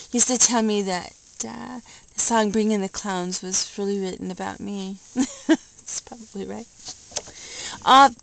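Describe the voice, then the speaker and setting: Slow-talking woman reminiscing. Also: mid-range voice, vocal fry, slight background noise, rough recording. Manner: rambling, nostalgic, with soft laughs. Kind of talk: casual home video vlog.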